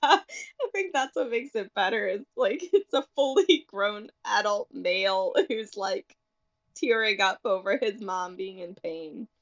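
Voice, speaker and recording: A woman co-hosting a podcast in casual chat, reacting quickly, laughing and using many fillers. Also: medium pitch, expressive, no echo. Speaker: podcast co-host. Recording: slightly muffled lo-fi sound.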